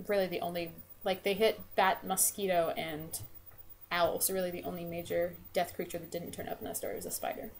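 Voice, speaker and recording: A woman's voice: fairly low pitch, level tone, a little fast, a little hiss or hum. A woman vlogger retelling a story in a chatty, casual way, with lots of fillers and "they're like.". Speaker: vlogger and game developer.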